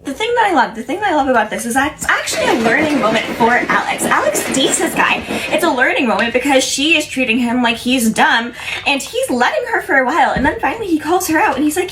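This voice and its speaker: A woman's voice: high voice, big pitch swings, fast talker, noisy background. Chatty young woman recapping a sitcom. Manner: chatty, rambling, opinionated, self-interrupting. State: has the hiccups. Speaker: pop culture commentator. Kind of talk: casual recap chat to camera.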